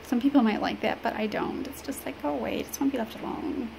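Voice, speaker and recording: A woman from Illinois talks to the camera in a personal vlog, halting and rambling with many fillers. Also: a little high, creaky. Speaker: vlogger. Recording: steady background noise.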